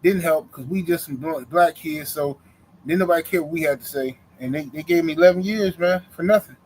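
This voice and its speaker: A middle-aged man with a slightly higher voice tells a story the way he'd tell it to a friend, loose and full of slang, and he acts out the voices of the people in it. There is a faint hiss under the recording. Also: a little fast, low-quality recording. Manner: animated storyteller, acts out the voices in his stories; casual slang-heavy speech. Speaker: co-host. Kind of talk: casual storytelling chat.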